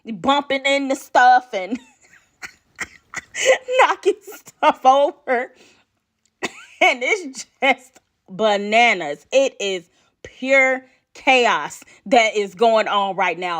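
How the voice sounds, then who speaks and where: A woman podcast host telling a personal story in an animated way, laughing often and checking in with the listener as she goes. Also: fairly high pitch, drawn-out words, pauses often.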